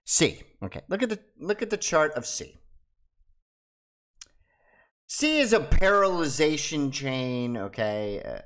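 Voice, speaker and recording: A man's voice: a little high, very animated, slow pace, pauses often, fairly bright tone. A man hosting his own video, talking casually and ranting in a mocking way. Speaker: crypto video host. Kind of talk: casual monologue to camera.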